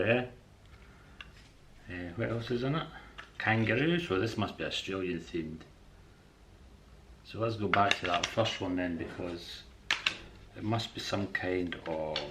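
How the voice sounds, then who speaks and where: A man's voice: low-pitched, a bit bright, a little hiss or hum. A man chatting casually in a vlog, friendly and rambling, showing items from a shopping haul at home. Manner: rambling and friendly, with hesitations and chuckles. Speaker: artist and eBay seller showing a shopping haul. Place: indoors at home.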